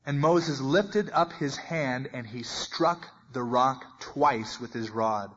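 A man preaching a sermon and teaching verse by verse, talking in a conversational way and acting out the voices in the passage, with big swings in loudness. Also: medium pitch, slow, husky. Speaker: pastor. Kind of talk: expository Bible teaching. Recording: muffled lo-fi recording.

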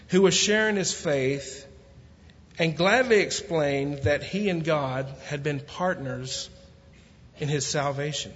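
A man's voice: fairly high pitch, slow, a little hiss or hum. Man, guest pastor, sermon, country way of talking, slightly dull recording, long church reverb. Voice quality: self-described country way of talking. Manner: reads scripture steadily, then jokes and preaches with rising fervor.

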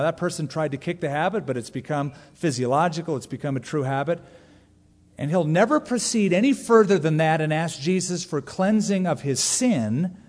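A man in his forties preaching a sermon to a congregation, joking and animated, leaning hard into emphasis. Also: medium pitch. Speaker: pastor. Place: large church sanctuary. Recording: long reverb of a large church hall.

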